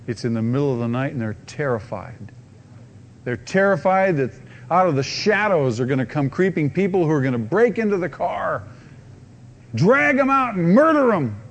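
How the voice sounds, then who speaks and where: A man preaching a sermon as pastor, swinging from rising, loud repeated cries to a hushed, soft pleading voice. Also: fairly high pitch, animated, normal speed.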